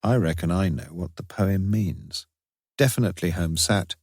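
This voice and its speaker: Curmudgeonly middle-aged detective, low and curt, dry grumble, read by a narrator. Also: male voice, normal speed, a little mellow, slightly rough, dry recording. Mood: grumbling. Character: grumpy middle-aged male detective writing a postcard.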